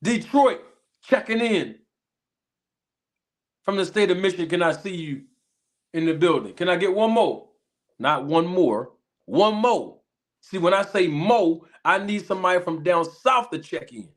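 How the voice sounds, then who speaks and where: A man's voice: high voice, expressive. Philly man hyping his livestream chat. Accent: Philadelphia. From Philadelphia. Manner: hype call-and-response shout-outs, drawn-out catchphrases. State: a little sick. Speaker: livestream host. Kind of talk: casual livestream chat greeting viewers.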